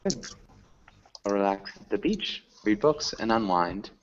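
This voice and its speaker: A man's voice: fairly low pitch, very animated, muffled recording. A man teaching an English class online, patiently asking students questions and explaining words. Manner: patient, slow, asks questions.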